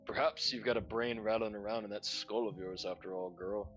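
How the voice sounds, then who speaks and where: A man's voice: lowish voice, fairly even intonation, brisk, a bit bright, soft background music, lightly acted. A man voicing a sinister, theatrical clown showman who calls himself a Duke of Hell, mocking and threatening. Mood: menacing.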